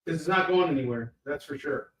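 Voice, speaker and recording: Casual male stream host, a bit higher-pitched, sarcastic and chatty, talking up cheap comics live. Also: fairly quick, a bit bright, a little hiss or hum. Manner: sarcastic, joking, chatty with many fillers. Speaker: live shopping show host selling comics.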